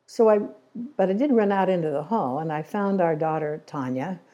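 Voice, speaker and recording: Older woman, church speaker; low, mellow voice, earnest, unhurried storytelling. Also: muffled recording. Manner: earnest storytelling, slows on key phrases. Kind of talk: sermon-style talk.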